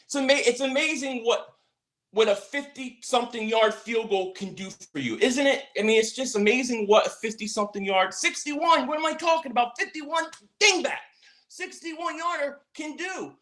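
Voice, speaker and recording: Excitable high-voiced man hosting a livestream. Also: brisk. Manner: excitable, repeats words, stumbles on restarts; reads out and answers viewer chat. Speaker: sports livestream host. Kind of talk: casual livestream chat.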